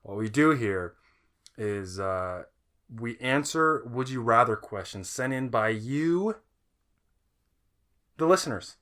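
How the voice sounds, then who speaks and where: A young adult man with a bright, forceful edge to his voice, trading deadpan jokes on a casual podcast. He rambles, hesitates and loops back over his words, keeping his pitch in an ordinary middle range. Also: slow, long pauses. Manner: dry, rambling, deadpan jokes with many fillers. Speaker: podcast co-host. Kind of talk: joking casual podcast chat.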